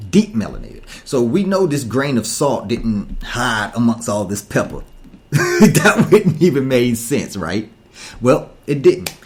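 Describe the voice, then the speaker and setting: Preachy man with lively pitch. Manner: preachy, rhetorical questions, emphatic repetition. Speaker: talk show host. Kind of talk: impassioned monologue.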